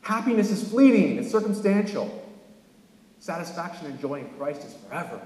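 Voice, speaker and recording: A man from California preaching a sermon as pastor, animated, with sudden emphatic rises. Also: on the high side, normal speed, slight background noise. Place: church sanctuary. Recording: echoey church hall.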